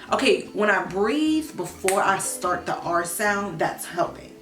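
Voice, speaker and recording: A woman's voice: medium pitch, unhurried, few pauses, faint music behind. Chatty woman vlogger in an echoey room. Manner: animated, slangy, talks to viewers, bursts of excitement. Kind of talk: casual vlog, practicing Spanish words.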